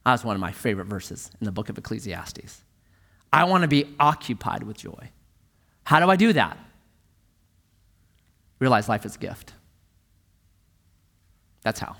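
A male pastor preaching a sermon emphatically, moving between loud pushes and quiet, low lines. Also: big pitch swings, a little slow, creaky, long pauses. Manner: emphatic, swings from loud to hushed.

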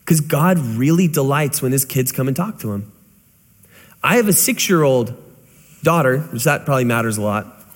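A man's voice: mid-range voice, lively intonation, moderate pace. A man in his thirties preaching a conversational sermon, full of rhetorical questions. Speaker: pastor. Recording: long reverb of a large hall.

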